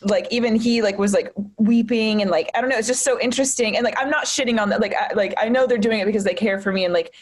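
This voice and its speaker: A woman with a fairly high voice, chatting as a guest comedian. She rambles through her stories with lots of fillers and restarts. She keeps it frank and jokey. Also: fast talker, hardly any pauses. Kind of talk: casual storytelling chat.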